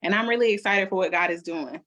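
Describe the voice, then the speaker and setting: A woman's voice: mid-range voice, fast, a bit bright. A woman in her twenties, a talk show co-host, speaking in an earnest, prayerful way. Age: 20s.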